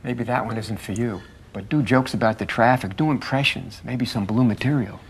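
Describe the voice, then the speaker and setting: A man's voice: mid-range voice, normal speed, slight background noise, close to an everyday voice. A man playing a blunt, impatient club owner. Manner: blunt, impatient, repeats words for emphasis. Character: blunt nightclub owner talking business. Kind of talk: film drama dialogue.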